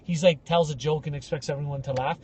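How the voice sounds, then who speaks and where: A man's voice: on the high side, fast, slightly rough. A man co-hosting a podcast, telling a story in a casual rant and acting out the people in it. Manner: animated, acts out voices in stories. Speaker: podcast co-host.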